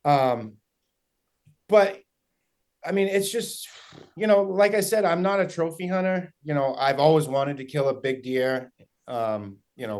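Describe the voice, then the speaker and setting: Young man, new england accent, rambling excited storyteller, lots of ums and likes, podcast guest. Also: mid-range voice. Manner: excited rambling with many fillers and swearing. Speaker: guest hunter. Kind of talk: casual storytelling.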